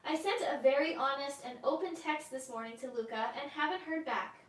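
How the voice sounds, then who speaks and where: A woman with a high voice reads out viewers' questions at a brisk clip. She sits some distance from the microphone, and the room adds a noticeable echo. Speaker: co-host reading viewer questions. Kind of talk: reading questions aloud.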